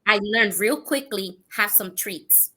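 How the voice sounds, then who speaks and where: A woman co-hosting a casual podcast chat, telling animated anecdotes and laughing often. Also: medium pitch, slow pace. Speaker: co-host.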